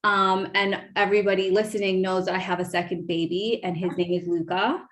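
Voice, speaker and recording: A woman in her thirties hosts a podcast and tells a personal story with open emotion. She talks in an animated, gushing way and fills her sentences with small verbal fillers. Her voice sits in an ordinary middle pitch. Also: a little fast. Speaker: podcast host.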